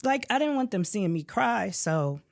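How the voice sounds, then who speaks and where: A woman's voice: medium pitch, very animated, moderate pace, creaky, dry recording, clean studio sound. A woman in her forties, a podcast co-host, telling a personal story openly and with feeling, using many fillers. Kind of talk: casual chat.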